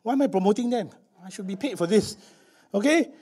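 A middle-aged man with a Singaporean English accent, preaching a chatty, lively sermon full of "okay?" asides. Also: high-pitched, fairly quick.

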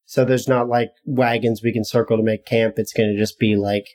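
A man's voice: on the low side, level tone, brisk, darkish tone. A man playing in a casual tabletop game session, easygoing and joking with friends. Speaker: player.

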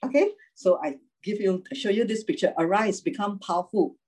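A woman's voice: mid-range voice, expressive, moderate pace, darkish tone, slightly rough, low-quality recording. A woman preaching an informal sermon, chatty, laughing often and checking in with the listeners as she goes.

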